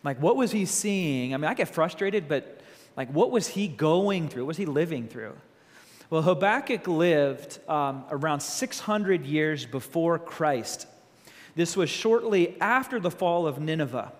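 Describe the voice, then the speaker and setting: A man preaching a sermon as a pastor, animated and full of rhetorical questions. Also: on the high side, measured pace, long reverb tail.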